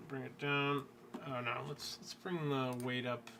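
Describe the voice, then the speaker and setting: A man live-streaming as he draws a coloring page, quietly talking himself through the work with joking asides. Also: medium pitch, level tone, a little slow, background noise. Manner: mumbles quietly to himself while working, jokey asides. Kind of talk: casual live-stream chat while drawing.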